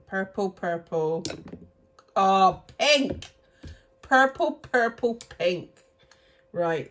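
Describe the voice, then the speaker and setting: A cash stuffing vlogger in her thirties, speaking in a low, slightly rough voice, rambles casually as she divides cash into budget envelopes. She's chatty and keeps correcting herself.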